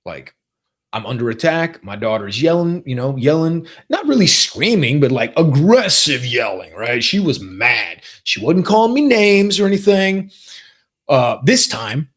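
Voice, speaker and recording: Animated man in his forties, podcast host. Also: fairly high pitch, unhurried. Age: 40s. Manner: animated storytelling, quoting family members in lively voices. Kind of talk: casual solo podcast talk.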